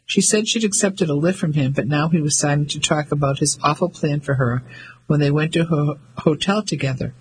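A man voicing a brisk young English lady who speaks in clipped, firm tones. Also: fairly high pitch, slight background noise, close to an everyday voice, poor audio.

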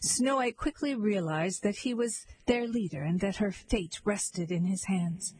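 A woman narrating a fairy tale in a wry, deadpan way. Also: medium pitch, a little slow, hardly any pauses, husky, poor audio. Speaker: storyteller. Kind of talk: scripted narration.

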